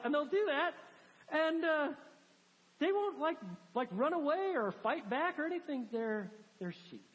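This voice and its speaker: A woman's voice: high-pitched, very animated, normal speed. Woman preaching in an echoing hall. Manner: conversational, emphatic, many fillers. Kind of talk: sermon. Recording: long hall reverb.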